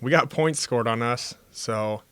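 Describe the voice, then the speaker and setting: A young college football player talks steadily and earnestly over a video call, often pausing on "uh." His voice is smooth and clear, and the sound is dry and close. He is from Texas. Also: medium pitch, dry recording. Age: young adult. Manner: steady, earnest, with frequent uh fillers. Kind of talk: press conference answers.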